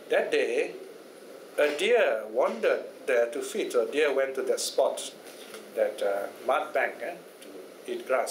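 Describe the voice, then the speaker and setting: A Buddhist teacher telling a fable to a study class, chatty and often checking in with his listeners. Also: mid-range voice. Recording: echoey room, faint noise.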